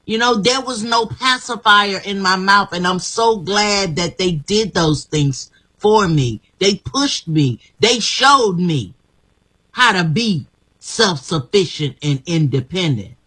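Slow, husky, bright-voiced woman. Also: medium pitch, lively intonation. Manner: emphatic, repeats herself, laughs often. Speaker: guest. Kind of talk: inspirational interview talk.

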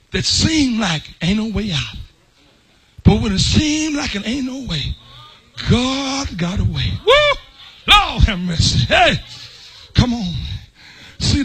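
A man preaching a sermon with a raspy voice, shouting and slipping into a sing-song cadence. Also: very high-pitched, rough recording. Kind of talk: whooping sermon.

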